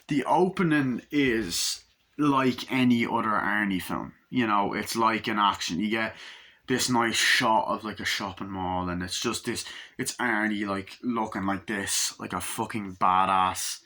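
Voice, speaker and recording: A man's voice: lowish voice, unhurried, sharp tone. A young man casually recapping and reviewing a film, rambling, swearing, and acting out lines in raised voices. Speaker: movie reviewer.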